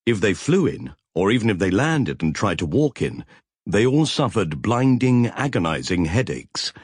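A male audiobook narrator with a husky, fairly low voice. His reading is measured yet expressive, pitch rising and falling freely. The sound is close and dry. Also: no room sound. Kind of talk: scripted narration.

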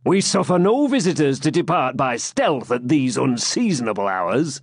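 A man's voice: mid-range voice, big pitch swings, normal speed, no echo, studio quality. A man voicing a proud swineherd who talks in a haughty, grudging way. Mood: surly. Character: proud surly male swineherd.

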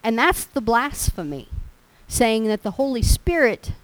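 A woman's voice: fairly high pitch, sing-song, measured pace, dry recording, poor audio. A woman preaching a sermon in a folksy, storytelling way. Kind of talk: sermon with personal stories.

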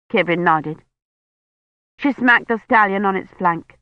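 A woman narrates a novel as an audiobook narrator, reading scripted narration in a measured, even storytelling manner. Her pitch is medium, and the dry studio recording is muffled, with no room sound.

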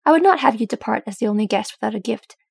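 A woman's voice: a little high, very fast, gravelly, slightly rough, no echo, clean studio sound, heavily acted. Galadriel, a woman reading as a regal elf queen. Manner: calm, stately, formal speech. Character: serene, regal elf queen, wise and gracious.

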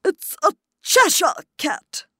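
A grumpy, rough-mannered storybook duchess, as a woman puts her on, brusque and loud. The voice is high and swooping, stretched out slowly, and recorded dry and close. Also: huge pitch swings, no echo, exaggerated voice. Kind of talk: storybook character voice.

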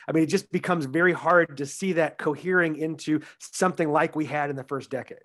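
A man co-hosts a casual film review podcast, talking in a measured, explanatory way. His voice sits a little high for a man. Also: fairly bright tone. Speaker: podcast co-host.

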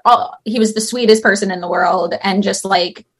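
A woman's voice: medium pitch, fairly even intonation, moderate pace, slightly rough. A woman from California co-hosting a casual podcast, chatting and reacting about a reality show. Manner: chatty, fillers and restarts. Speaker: podcast co-host.

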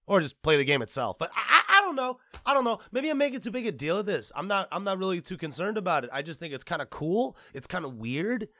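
A man's voice: high-pitched, big pitch swings, fast talker, few pauses, pushed and bright, no room sound, studio quality. A man hosting a gaming commentary show, ranting casually and profanely with lots of restarts.

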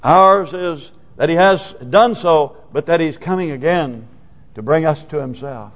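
A man preaching a sermon as pastor, moving between quiet, hushed passages and loud, emphatic declarations. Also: on the high side, unhurried. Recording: lo-fi sermon recording in a reverberant hall.

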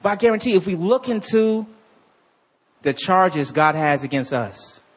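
A male pastor preaching a sermon in an animated, conversational way, full of slang and quick restarts. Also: high voice, husky.

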